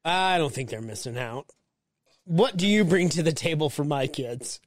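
A man's voice: on the high side, moderate pace, no room sound. A man in his thirties co-hosting a podcast, telling stories in casual, profane banter. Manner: profane, storytelling, animated. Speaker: podcast co-host.

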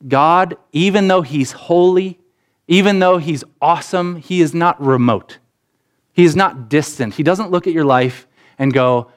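A man's voice: on the high side, measured pace, clean tone. A pastor preaching a sermon to his congregation, earnest and conversational, building points through repeated phrases and acting out imagined speakers. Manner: voices imagined speakers in quotes.

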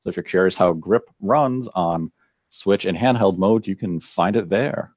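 A man with a low voice speaks as a guest on a casual gaming stream. He talks in a steady, informative way. The recording is dry and close. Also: moderate pace, no echo. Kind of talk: casual chat.

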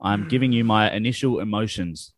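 A man's voice: fairly low pitch, fairly quick, no echo, studio quality. A man co-hosting a casual football chat, blunt and profane, given to heated rants. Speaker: podcast co-host.

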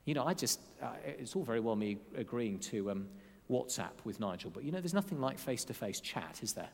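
Expressive male preacher in a reverberant church. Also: mid-range voice, creaky. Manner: expressive, warmly earnest preaching with slowed emphatic phrases. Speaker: pastor. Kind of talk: sermon. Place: church during a service. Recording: long reverb of a large church hall.

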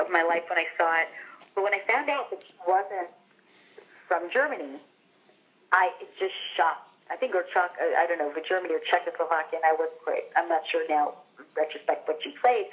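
A woman's voice: on the low side, lo-fi sound. A woman actress from Long Island, telling stories animatedly in a casual interview, with frequent "like" and "you know". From Long Island, New York. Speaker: actress, guest.

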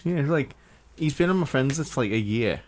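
A man's voice: medium pitch, animated, a little fast, slight background noise. A man co-hosting a podcast, swearing and mocking in casual banter. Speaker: podcast co-host. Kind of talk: casual chat.

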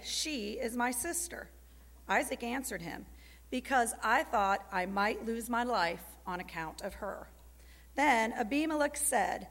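A woman reading scripture aloud in a steady, measured way. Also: a little high. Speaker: scripture reader. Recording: gravelly voice in a long hall reverb.

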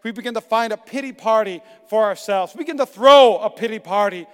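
Man, pastor, middle-aged, sermon, emphatic delivery, smooth resonant voice, long hall reverb. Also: high voice, a little fast. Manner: emphatic, swings from hushed to shouting.

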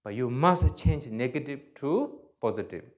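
A man's voice: mid-range voice, animated, a little mellow. Emphatic man answering audience questions. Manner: halting non-native English, emphatic, acts out examples. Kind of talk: spoken talk and Q&A. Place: lecture hall with audience.

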